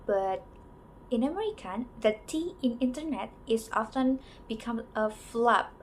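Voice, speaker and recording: Slow, halting young woman presenting a lesson. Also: on the high side, animated, a little hiss or hum, rough recording. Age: young adult. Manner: slow, halting delivery with many pauses and "so" openers. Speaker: student presenter. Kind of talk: class presentation on English varieties.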